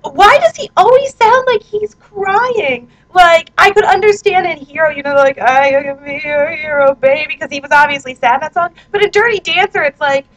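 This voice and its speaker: A woman's voice: very high voice, lively intonation, moderate pace, hardly any pauses, fairly bright tone, low-quality recording. A woman in her twenties, a vlogger chatting casually and self-mockingly at home, reading out her own posts into a handheld recorder. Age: 20s. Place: her apartment, indoors.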